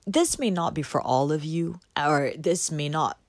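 Low-pitched woman doing a pep talk vlog, super animated, leans on repeats, dry close sound. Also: measured pace, no room sound. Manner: animated and emphatic, repeats words for effect. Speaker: motivational vlogger. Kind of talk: casual motivational talk.

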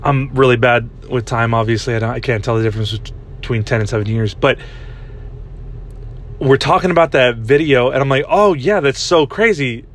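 A man's voice: medium pitch, fairly quick, slight background noise. Rambling young man telling a story. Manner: rambling, laughs often, says "dude" a lot. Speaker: podcast host. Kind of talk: casual storytelling chat.

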